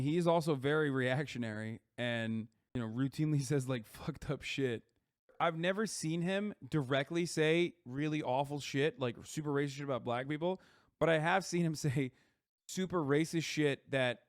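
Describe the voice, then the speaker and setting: A man on a live stream talks over a video he is watching, his voice a little high and set dry and close with no room sound. He rambles through profane asides and keeps the tone loose and conversational. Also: no echo. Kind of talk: casual live-stream reaction commentary.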